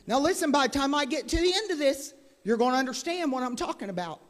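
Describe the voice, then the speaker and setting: Woman preacher on a handheld mic, fervent, chatty asides then loud, long church reverb. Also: sits high, very animated, brisk. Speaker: guest preacher. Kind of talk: sermon. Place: church sanctuary. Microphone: handheld microphone.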